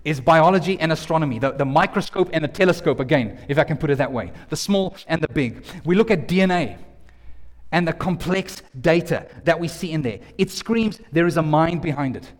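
High-voiced man preaching in a hall. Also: brisk. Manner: lively, jokey, talks directly to the audience. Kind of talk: sermon. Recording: long hall reverb.

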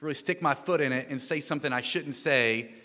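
Bright-voiced American preacher in echoey hall. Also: male voice, mid-range voice, fairly quick. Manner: conversational, animated, frequent restarts and repeated words. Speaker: guest preacher. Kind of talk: sermon. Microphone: microphone. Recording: long hall reverb.

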